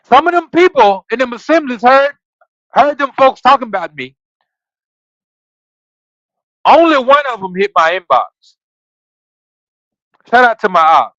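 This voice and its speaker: Animated, preachy man teaching scripture. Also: very high voice, measured pace, long pauses, dry recording, lo-fi sound. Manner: preachy, quizzes listeners, reads scripture then riffs; casual slangy asides between readings. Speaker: scripture study podcast host. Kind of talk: livestreamed Bible study. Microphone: streaming setup.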